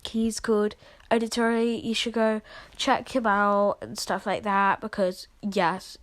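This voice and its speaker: A woman's voice: a little high, little pitch movement, unhurried. Coughing sick woman, chatty vlog. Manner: chatty and apologetic, lots of fillers. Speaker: video creator showing her editing process. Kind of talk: casual screen-recording walkthrough.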